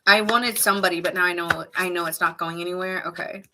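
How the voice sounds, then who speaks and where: A woman's voice: on the low side, steady tone, fast, heavy background noise. A woman giving a casual live tarot reading, chatting and reacting to viewers' comments and laughing often. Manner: laughs often, muses aloud. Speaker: tarot reader.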